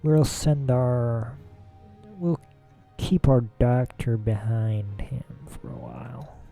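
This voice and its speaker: Man, let's play host, casual gameplay commentary, thinking aloud, gravelly, faint music. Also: mid-range voice, fairly even intonation, takes it slowly, warm tone. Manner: musing, thinks aloud about tactics.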